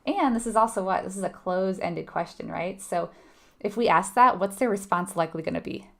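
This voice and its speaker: With a mid-range, gravelly, fairly bright voice and a fairly quick pace, a woman leads a live nursing exam review lesson. She keeps it conversational, asking the audience questions and often tossing in "right?"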